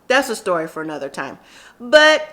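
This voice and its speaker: A woman's voice: mid-range voice, big pitch swings, normal speed, a bit bright. A woman casually recapping a reality TV episode, chatty and opinionated, talking straight to the people she watches. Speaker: TV recap vlogger.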